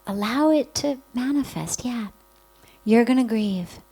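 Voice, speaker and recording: A woman spiritual teacher giving a calm, reflective spiritual talk, speaking gently with many pauses. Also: a little high, husky, rough recording.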